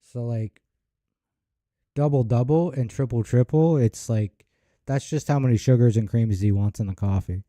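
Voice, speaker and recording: Canadian guy from Ontario, loose rambling reaction host; voice is very dark and warm, recorded dry. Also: mid-range voice, moderate pace, no room sound. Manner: rambling, searching for words. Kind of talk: casual reaction commentary.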